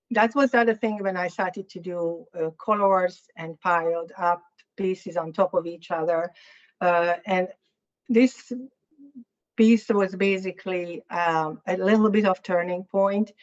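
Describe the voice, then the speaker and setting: A woman from Hungary with a Hungarian accent, giving a lecture about her own artwork. She talks in a candid, halting way, searching for words, and her voice is slightly hoarse. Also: medium pitch, muffled recording. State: slightly hoarse, clearing throat. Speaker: guest artist lecturer.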